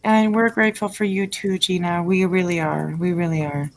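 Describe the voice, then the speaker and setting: A woman's voice: fairly low pitch, fairly even intonation, moderate pace, rough recording. A woman hosting a late-night livestream, chatting effusively with her viewers and reading their messages with plenty of fillers. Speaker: livestream host reading chat.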